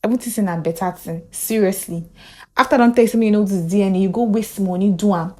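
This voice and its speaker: A Nigerian woman voicing a calm wife who speaks softly and reassuringly. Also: medium pitch, fast, close to an everyday voice. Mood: soothing. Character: calm, soothing young wife.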